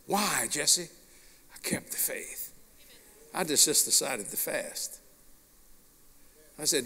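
Folksy preacher man telling a story, somewhat high voice, long echo from a big hall. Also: expressive, slow pace, long pauses, bright, forceful tone. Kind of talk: sermon storytelling. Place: large meeting hall. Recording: long reverb of a large hall.

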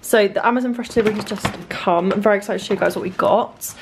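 A woman's voice: medium pitch, fairly even intonation, racing, gravelly, background noise. A young woman chatting casually at home in a vlog, peppering her talk with "literally". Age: young adult. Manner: chatty, says "literally" constantly. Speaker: vlogger.

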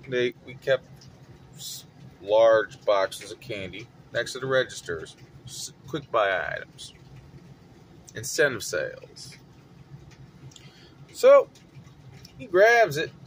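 A man telling a story from his retail job in an animated, dramatic way. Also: fairly high pitch, slight background noise. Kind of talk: casual storytelling vlog.

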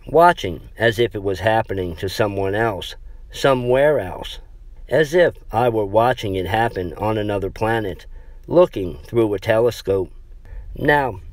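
Slow, low-voiced male horror narrator. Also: no room sound. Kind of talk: scripted horror story narration.

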